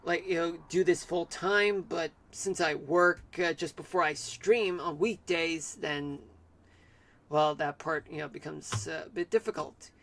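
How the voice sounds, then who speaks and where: High-voiced man giving a halting weather report. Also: creaky, fairly bright tone. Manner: halting, full of fillers and restarts. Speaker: streamer. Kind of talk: amateur weather forecast.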